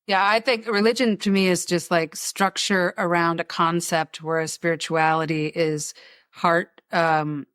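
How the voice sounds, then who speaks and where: A woman hosting a podcast, chatting casually and telling stories with lively asides and little impressions. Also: fairly low pitch, unhurried, no room sound, clean studio sound. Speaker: podcast host. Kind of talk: casual chat.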